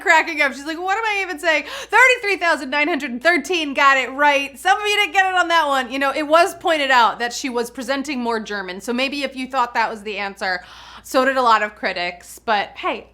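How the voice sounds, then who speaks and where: A woman's voice: high voice, pushed and bright. A woman hosting a live trivia game, chatty and bubbly, laughing often. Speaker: trivia game show host.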